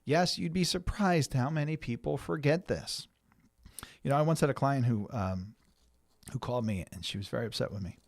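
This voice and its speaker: A middle-aged man talks viewers through year-end money matters in an easy, conversational way, often restarting his sentences and filling pauses. His voice sits at an ordinary pitch, and the recording is dry and close, with no room sound around it. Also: creaky, no echo. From United States. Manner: conversational, many restarts and fillers. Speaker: financial planner hosting a show. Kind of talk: explanatory talk to viewers.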